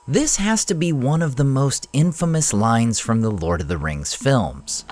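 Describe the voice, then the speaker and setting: A man hosting a fantasy lore channel, giving expressive scripted narration. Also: medium pitch, unhurried.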